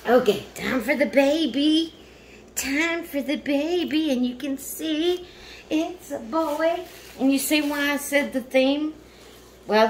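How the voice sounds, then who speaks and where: Slow-talking gushing woman vlogger. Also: fairly high pitch. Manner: gushing, repeatedly thanking and exclaiming. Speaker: vlogger unboxing a doll. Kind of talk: casual unboxing chat. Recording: noisy home recording. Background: household noise, dog barking.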